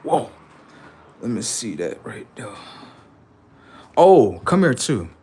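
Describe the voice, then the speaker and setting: A man hosting a live stream and talking to his chat in a rambling, preachy way, full of profanity and street slang, dropping to low mutters and jumping up to high outbursts. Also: sing-song, takes it slowly, a little mellow, slightly rough. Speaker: livestream host.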